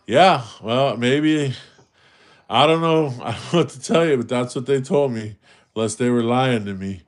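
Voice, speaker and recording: A man's voice: medium pitch, moderate pace. A man from Los Angeles, host of a coin roll hunting livestream, casually telling a rambling story and answering chat, restarting his sentences as he goes.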